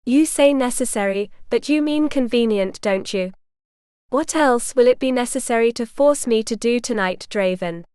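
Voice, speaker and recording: A woman reading the lines of a proud but frightened young noble bride in an audiobook, often hushed. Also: fairly high pitch, moderate pace, clean tone, dry recording, clean studio sound, natural voice.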